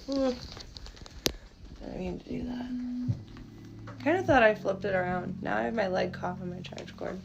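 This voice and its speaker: A woman live streaming from home on a phone held in her hand, cooing affectionately to her pets in casual baby talk, with loud music playing behind her. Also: mid-range voice, unhurried, gravelly, long pauses, lo-fi sound, very noisy. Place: home, indoors.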